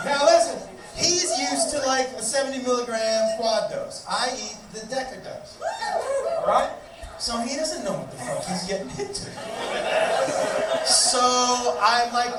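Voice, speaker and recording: Animated high-voiced stand-up comedian. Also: male voice. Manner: animated, exasperated storytelling. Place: comedy club stage. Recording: echoey room from far off, loud crowd.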